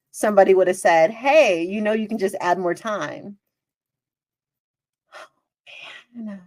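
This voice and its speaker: A podcast host tells a story in her mid-range voice, chatty and casual, full of exclamations. She's animated, acting out scenes as she goes, and there's no room sound at all.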